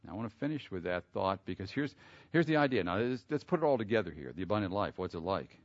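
A man preaching a sermon. He reads scripture aloud, explains it, and builds to loud, emphatic peaks. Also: low-pitched, sing-song, fast talker, no echo. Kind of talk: sermon, expository Bible teaching. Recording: dull lo-fi sound.

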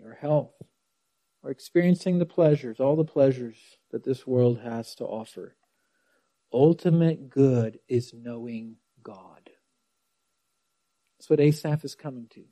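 Slow, dark-voiced preacher. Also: male voice, a little high, dry recording. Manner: emphatic, slowing on key words and dropping to near-whispers; dramatic quoting of scripture. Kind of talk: sermon.

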